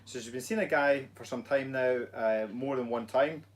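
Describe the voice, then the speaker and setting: A Scottish man chats loosely on a live stream, reading viewer comments between plenty of ums. His delivery is relaxed, hesitant and bluntly frank. His voice sits at an ordinary middle pitch. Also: moderate pace. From Scotland. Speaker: fitness coach co-hosting a live stream.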